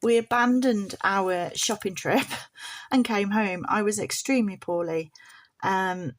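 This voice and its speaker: A woman's voice: mid-range voice, a little slow. A woman vlogging casually from her bed at home, rambling and laughing often while she gets over tonsillitis with a sore throat. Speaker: budgeting vlogger. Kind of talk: casual chat to camera.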